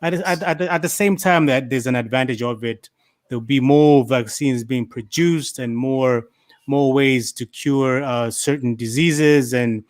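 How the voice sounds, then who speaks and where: Man panelist, mid-pitched, rambling and repetitive, dry close sound. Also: unhurried, dry recording. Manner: rambling storyteller, repeats words. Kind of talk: casual discussion.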